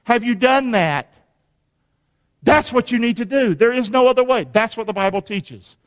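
A man's voice: extremely high pitch, expressive, moderate pace. A man preaching a sermon in a church, emphatic and calling on the congregation to repeat lines after him. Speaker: pastor. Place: church sanctuary. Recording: long reverb of a church hall.

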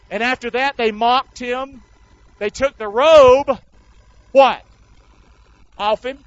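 Male preacher, high and lively, dull lo-fi recording, sermon with call-and-response and acted-out voices. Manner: call-and-response preaching, acting out the crowd and soldiers. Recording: dull lo-fi sound.

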